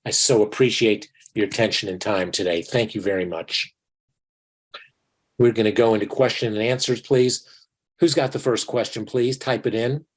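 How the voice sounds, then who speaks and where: A man's voice: fairly low pitch, fairly even intonation, moderate pace, rough recording. A man in his sixties, a dentist giving an online lecture in a folksy, earnest manner, often calling his listeners his friends. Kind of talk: online lecture with personal stories.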